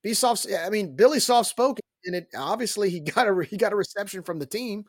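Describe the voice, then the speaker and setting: A man co-hosting a casual postgame podcast, telling a story in an animated way. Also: high voice, fairly quick, no echo, studio quality.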